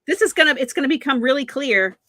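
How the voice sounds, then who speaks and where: A woman co-hosts a casual recap chat, quick to agree and frank in her views. Her voice is slightly high and bright, recorded dry and close. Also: animated, no room sound. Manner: agreeable, frank commentary with short backchannels. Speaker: podcast co-host.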